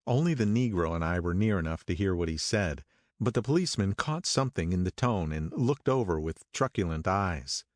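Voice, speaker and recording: Deep-voiced male audiobook narrator. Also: expressive, fairly quick, dry recording, clean studio sound. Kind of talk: scripted first-person narration.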